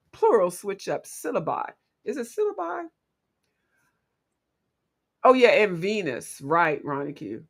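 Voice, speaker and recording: Animated, playful woman streamer. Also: medium pitch. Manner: animated, playful, quick to laugh. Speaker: livestream host. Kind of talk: casual livestream chat with viewers.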